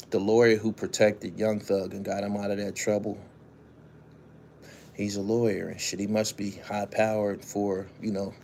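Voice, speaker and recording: A man hosting his own show, reading news stories aloud and then giving casual, profane commentary while answering viewers' chat. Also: lowish voice. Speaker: show host.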